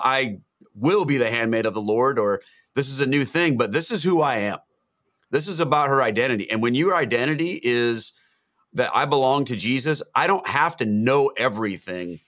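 A man's voice: mid-range voice, fairly bright tone. A man talking through a Gospel passage in an earnest, reflective way, often restarting his sentences. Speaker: guest on a Gospel reflection show. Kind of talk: reflective faith discussion.

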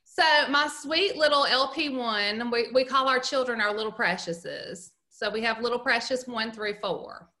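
A woman's voice: a little high, moderate pace, hardly any pauses, bright, forceful tone. A middle-aged woman with a Southern US accent, co-hosting a podcast and chatting casually, telling stories and laughing often. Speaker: podcast co-host. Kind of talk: casual chat.

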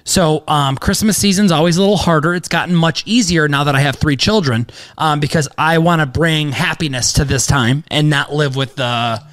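A man in his thirties hosting a casual podcast, talking in a rambling, excitable way with lots of "um"s and casual swearing. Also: a little high, normal speed. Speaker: podcast host, sports bettor.

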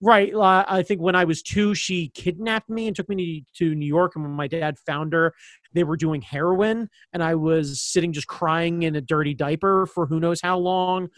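A man's voice: on the high side, fairly even intonation, normal speed, dry recording. A man from suburban Baltimore County telling a personal story in casual chat, rambling with lots of fillers and blunt swearing. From suburbs of Baltimore County, Maryland.

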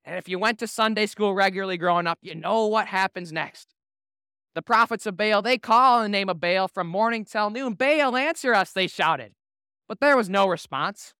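Bright-voiced pastor preaching, man. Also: sits high, clean tone, no room sound, studio quality. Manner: casual, humorous storytelling. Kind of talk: sermon.

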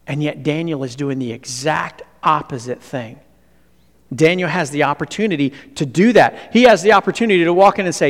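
A man preaching a sermon to a room of listeners, animated and asking questions, then dropping to a hush. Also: a little high, normal speed. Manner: asks the audience questions. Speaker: pastor. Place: hall with an audience. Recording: long hall reverb.

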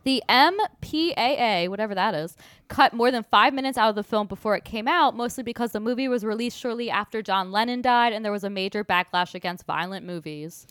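A woman trades teasing remarks and reads out film trivia in a casual podcast chat. Her voice sits a little high. The recording is dry and close. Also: brisk, a bit bright, smooth, no room sound. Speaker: podcast co-host.

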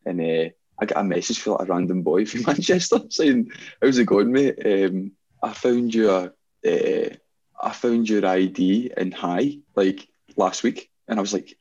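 A man's voice: lowish voice, a little mellow, husky, highs cut off. A young man, a guest DJ, rambling through stories in casual chat, full of fillers and laughs. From Scotland. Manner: rambling storyteller, laughs often, many fillers.

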